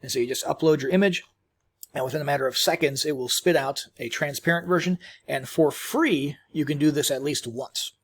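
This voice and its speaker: Man, casual software tutorial, husky voice, rambling with fillers, chewing while talking. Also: fairly high pitch, a little fast. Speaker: tutorial host. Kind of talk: screen-recorded software tutorial.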